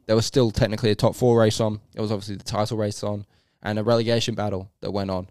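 A man's voice: lowish voice, little pitch movement, fast, a little mellow, no echo, studio quality. A man co-hosting a casual sports podcast, chatty and teasing, hedging his opinions. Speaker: podcast co-host.

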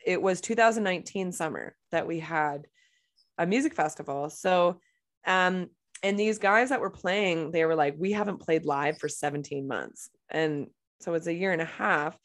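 A woman, co-hosting a casual chat podcast, talkative and quick to laugh. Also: fairly low pitch. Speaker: podcast co-host.

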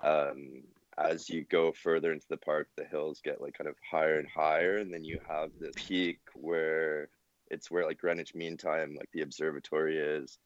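A man's voice: very deep voice, level tone, moderate pace, no room sound. A young man co-hosting a podcast, chatting casually and rambling with lots of fillers. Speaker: podcast co-host. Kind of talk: casual chat. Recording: dull dry sound.

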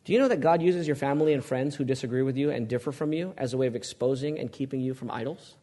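A man's voice: medium pitch, fast, hardly any pauses, warm tone. A male pastor preaching a sermon, asking the congregation questions and pressing his points with emphasis.

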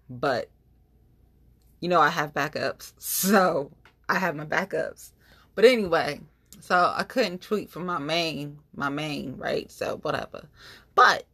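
A woman's voice: low-pitched, fairly bright tone, dry recording. A woman, hosting a casual rant to her listeners, blunt and profane, venting with slang and big swings in her voice.

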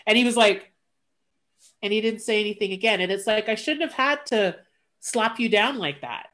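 A woman's voice: mid-range voice, normal speed. A woman talks casually with a friend, recounting a personal story in a candid, blunt way. She trips over her words and restarts often, and she acts out each exchange by quoting what everyone said. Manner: candid, animated retelling with quoted voices, blunt.

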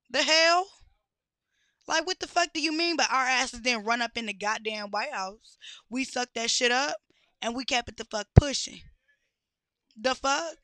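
A woman's voice: on the high side, fairly bright tone, no room sound. A woman ranting bluntly with heavy cursing and exasperated rhetorical questions. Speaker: podcast host. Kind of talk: profane rant.

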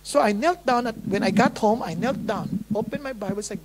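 A woman with a Filipino accent delivers a sermon testimony in a fairly high voice. She tells her story with animation, dropping to a hush and rising to loud, dramatic quoted prayers. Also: animated, normal speed, hardly any pauses, breathy edge. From Philippines. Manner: swings between hushed and loud. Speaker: preacher.

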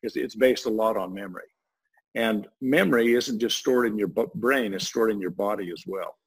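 This man, a guest, rambles casually while explaining a voice technology and often begins his sentences over. He speaks at a moderate pace in a breathy voice on the low side. It's a rough recording.

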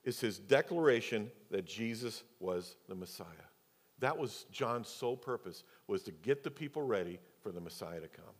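A male pastor preaching a sermon, moving between loud, emphatic stretches and quiet, low asides. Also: expressive, normal speed. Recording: long church reverb.

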